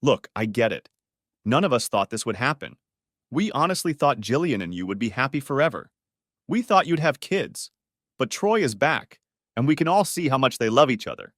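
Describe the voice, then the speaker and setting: A man voicing a calm, conciliatory friend who tries to smooth things over in a storybook reading. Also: medium pitch, moderate pace, no echo, clean studio sound, pitched above the performer's own voice. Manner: soothing, conciliatory.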